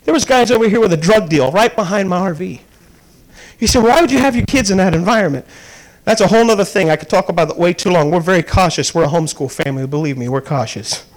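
Man, 30s, evangelist preacher, very high voice, storytelling sermon. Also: fast talker, rough recording. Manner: storytelling, rising to fervent preaching. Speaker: traveling evangelist.

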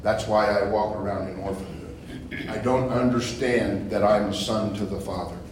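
A man's voice: fairly low pitch, fairly even intonation, moderate pace, a little mellow. Man preaching in an echoey room. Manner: conversational, repeats phrases, asks rhetorical questions. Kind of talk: informal teaching to a small group. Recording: echoey room from far off, faint noise.

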